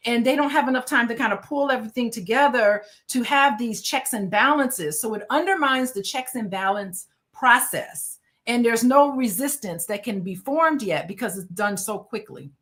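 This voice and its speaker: A woman guest on a panel, explaining ideas in a measured, lecturing way, with occasional fillers. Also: on the high side, a bit bright.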